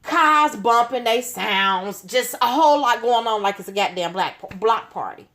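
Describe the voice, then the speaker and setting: A woman's voice: fairly high pitch, normal speed. Slangy woman telling a story. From Chicago. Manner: animated, slangy, leans on "you know what I'm saying". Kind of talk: casual storytime.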